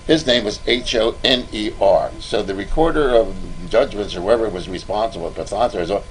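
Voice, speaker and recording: A man's voice: fairly low pitch, moderate pace, slight background noise, low-quality recording. An older man hosting a podcast, telling a rambling anecdote with restarts. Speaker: podcast host. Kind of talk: podcast interview.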